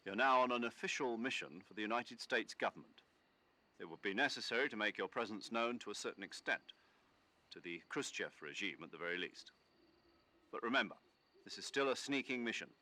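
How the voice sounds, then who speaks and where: An actor playing a stern male commanding officer briefing an agent in a video game, measured and authoritative. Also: lowish voice, bright, forceful tone.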